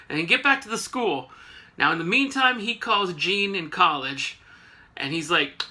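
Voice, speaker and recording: A man's voice: high voice, expressive, moderate pace, bright, forceful tone. A man recapping a comic book issue in a casual, sarcastic way, full of joking asides.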